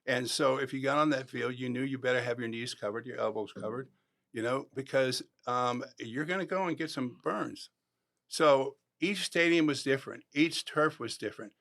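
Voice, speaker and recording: A man in his sixties, a former football player, telling animated stories in a podcast interview and acting out the voices of people he quotes. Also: medium pitch, normal speed, vocal fry. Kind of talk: storytelling interview.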